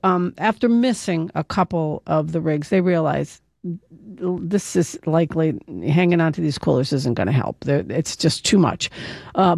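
A woman radio host with a gravelly, fry-tinged voice steers the interview with steady questions. Her voice sounds close and dry, as from a studio mic with no room around it. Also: lowish voice, no room sound.

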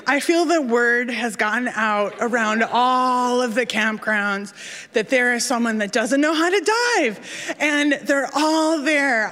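A woman with a fairly high voice tells a personal story on stage, animated and self-deprecating. She acts out the people in it as she goes, and every line trails off into the long echo of a large hall.

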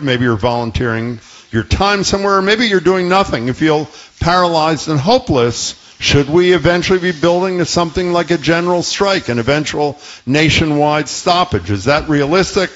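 Guy hosting call-in radio, earnest, asks lots of questions, kinda muffled audio. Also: on the high side. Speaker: radio talk show host.

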